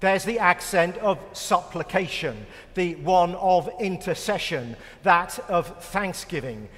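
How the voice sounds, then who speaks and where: Middle-aged British man, preacher, unhurried delivery, echoey hall sound, dry self-mocking wit. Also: high-pitched, animated, fairly bright tone. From United Kingdom. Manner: wry, self-mocking humor. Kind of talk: sermon.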